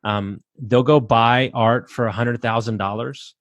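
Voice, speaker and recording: A man's voice: medium pitch, fairly even intonation, measured pace, no room sound. A man speaking as a guest on a podcast, talking in an emphatic, fired-up way, swearing freely and preaching like a coach. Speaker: podcast guest, real estate investor. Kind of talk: motivational podcast talk.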